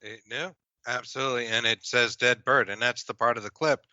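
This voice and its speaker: Bright-voiced laid-back male host. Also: mid-range voice, fairly even intonation, brisk. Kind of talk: casual chat. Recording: dull, dry lo-fi sound.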